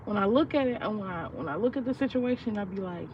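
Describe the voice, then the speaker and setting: A woman's voice: medium pitch, lively intonation, fast. A young woman vlogging casually, venting in a rambling, profane, heartfelt way about her feelings. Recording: distant, muffled mic with street noise.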